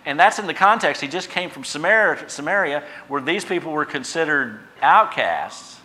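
A man preaching a sermon in a bright, forceful voice. He builds fervently on repeated lines, then eases into easy asides to his congregation. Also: fairly high pitch, expressive, moderate pace. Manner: impassioned preaching, swells loud on repeated phrases then drops quiet. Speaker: pastor.

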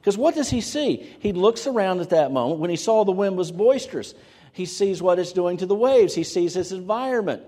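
A man preaching a sermon as a pastor, animated, acting out quoted voices with sudden jumps in pitch. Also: fairly quick. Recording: long reverb of a large hall.

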